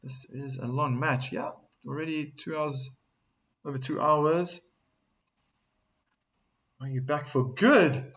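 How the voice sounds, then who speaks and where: A South African man commentating a tennis match live, with a slightly higher-than-usual voice. He chats casually, reads viewers' messages aloud and bursts with excitement at key moments. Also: slow, long pauses. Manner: chatty, reads viewer chat messages aloud between calls; bursts of excitement on big points.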